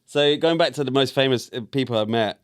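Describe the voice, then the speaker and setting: A man's voice: medium pitch, brisk, clean tone, no room sound, clean studio sound. A man hosting a podcast, teasing his guest in casual banter. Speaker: podcast host. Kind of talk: casual chat.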